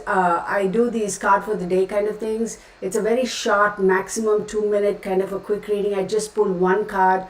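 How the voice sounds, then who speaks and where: A woman with a Texan accent talks casually to her livestream viewers, with frequent asides and self-corrections. She sits a little back from the mic in a roomy space, so her voice picks up some echo. Her pitch sits in an ordinary middle range. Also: distant mic. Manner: chatty, self-interrupting, addresses viewers as y'all. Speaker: tarot reader, channel host.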